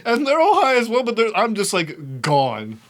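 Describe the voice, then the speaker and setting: A young man with a slightly high voice tells a rambling story in casual podcast chat. He is animated and swears freely, and he laughs often as he goes. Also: normal speed. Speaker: podcast host.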